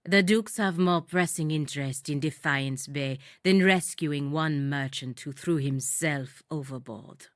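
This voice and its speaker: Cold aloof envoy, dismissive, measured, very low voice, dry studio sound. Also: female voice, dry recording. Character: cold aloof non-human female envoy. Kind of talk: video game voice acting.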